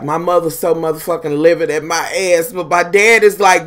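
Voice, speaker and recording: A woman's voice: on the low side, moderate pace, hardly any pauses, faint music behind. A woman telling a personal story in a casual monologue. She swears constantly and calls her listeners honey and y'all. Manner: profane, animated, addresses listeners as honey and y'all.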